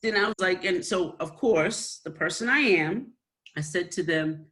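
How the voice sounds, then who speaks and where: Woman evangelist co-host; emotional, animated storyteller, stumbling restarts. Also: fairly low pitch, unhurried. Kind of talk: personal storytelling in casual chat.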